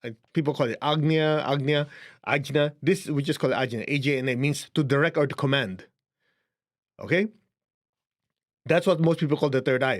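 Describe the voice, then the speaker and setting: Chinese-accented man teaching spirituality. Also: fairly high pitch. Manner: conversational, chuckling, shows a book to camera. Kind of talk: casual teaching talk to camera.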